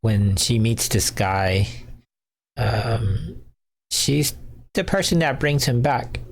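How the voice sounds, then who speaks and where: A man's voice: medium pitch, animated, slow. A man hosting a livestream, rambling casually with lots of fillers and frequent chuckles. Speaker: fan fiction writer hosting a livestream.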